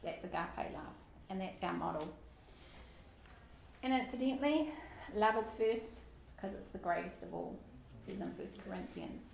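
A woman's voice: medium pitch, lively intonation, normal speed, creaky, pauses often. A woman giving a Bible study teaching in a chatty way, with light self-deprecating asides. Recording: echoey room with faint background noise.

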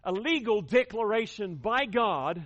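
A man's voice: high-pitched, animated, unhurried, a bit bright, muffled recording. A man preaching a sermon to his congregation, emphatic, repeating key words and leading them in call-and-response. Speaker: pastor.

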